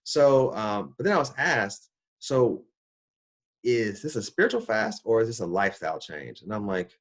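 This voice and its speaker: Middle-aged guy, kinda low voice, doctor telling his story, gets really animated acting out his reactions. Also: moderate pace. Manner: animated, acts out his own reactions with big pitch jumps. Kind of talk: personal storytelling talk.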